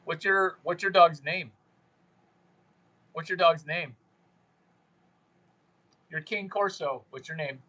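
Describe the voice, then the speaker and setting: A man's voice: a little high, takes it slowly, long pauses, pushed and bright, low-quality recording. A man hosting a livestream, chatting with viewers in a brash, crude, rambling way and mocking them. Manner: mimics viewers in put-on voices. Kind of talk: unscripted livestream chat with viewers.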